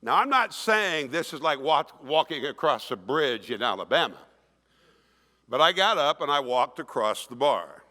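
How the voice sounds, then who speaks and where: A man's voice: mid-range voice, moderate pace. Older man telling stories in a reverberant hall. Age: 60s. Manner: animated, emphatic storytelling, acts out quoted voices. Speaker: keynote speaker. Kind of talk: storytelling speech to an audience. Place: conference hall. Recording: long reverb of a large hall.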